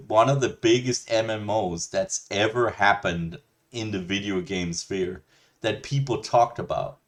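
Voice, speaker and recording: A man hosting a reaction video, ranting bluntly with lots of swearing and rambling restarts. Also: lowish voice. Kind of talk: ranting commentary.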